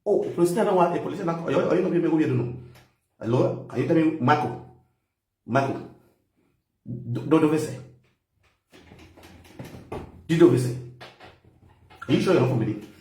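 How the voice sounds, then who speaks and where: A man's voice: on the high side, expressive, fairly quick, pauses often, darkish tone. A Nigerian man doing a comic, mocking one-sided call, teasing and often breaking into laughter. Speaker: comedian. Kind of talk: comic mock phone call. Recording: echoey room, mic at a distance.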